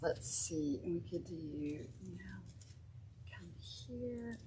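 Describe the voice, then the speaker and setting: A woman's voice: fairly low pitch, lively intonation, slow, background noise. A woman hosting a casual craft stream, chatting and thinking aloud as she works. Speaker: craft show host. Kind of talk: casual craft livestream chat.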